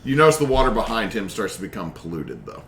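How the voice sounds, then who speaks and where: A man's voice: fairly low pitch, sing-song, quick pace, a crowd in the background. A man narrating as game master of a tabletop game in a casual, descriptive storytelling way. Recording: echoey room with faint noise.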